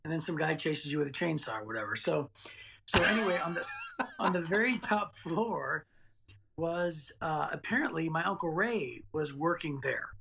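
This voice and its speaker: A man in his late forties rambles through a personal childhood story as a podcast interview guest, repeating words as he speaks. His fairly high voice is animated, sharp in tone and marked by vocal fry, at normal speed, with slight background noise.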